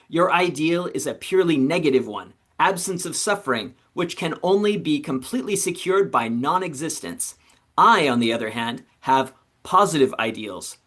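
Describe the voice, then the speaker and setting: A man's voice: a little high, a bit bright, breathy edge. A man reading as a blustering, scornful philosopher.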